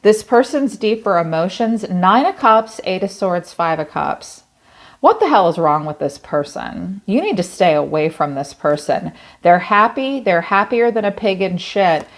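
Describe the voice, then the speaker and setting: A woman's voice: mid-range voice, expressive, a little slow. A woman giving a tarot reading in a blunt, casual way, swearing freely and thinking aloud as she talks. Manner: conversational, thinking aloud with many "like" fillers. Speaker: tarot reader.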